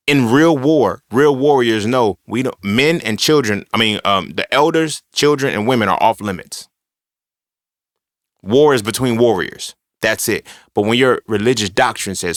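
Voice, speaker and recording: With an expressive, medium-pitched voice at normal speed and a fairly bright tone, a man hosts his podcast alone. His casual monologue rambles, swears freely and lands hard, sprinkled with "you feel me" asides. The audio is clean studio sound with no room sound.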